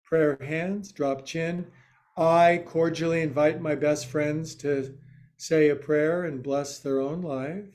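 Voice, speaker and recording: Brief: male yoga teacher, slightly high voice, unhurried, jokey asides between cues. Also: steady tone, darkish tone. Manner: slow and joking, with quirky asides. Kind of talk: guiding a yoga class.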